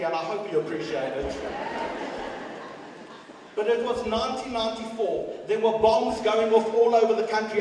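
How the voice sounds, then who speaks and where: A middle-aged man giving a speech and telling stories, swinging dramatically between loud and quiet. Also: sits high, a little hiss or hum. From South Africa. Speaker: guest speaker. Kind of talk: storytelling speech. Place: large school hall. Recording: echoey hall from far off.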